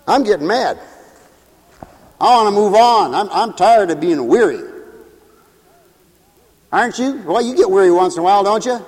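A man's voice: high voice, big pitch swings, a little slow, long pauses. A man preaching a fervent sermon, calling out hallelujah and glory between points and laughing often. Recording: reverberant hall.

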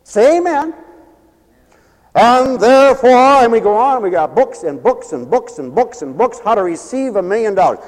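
A man's voice: very high-pitched, lively intonation, normal speed, in a large hall, poor audio. A man preaching a radio sermon in an emphatic, folksy manner, acting out voices as he goes.

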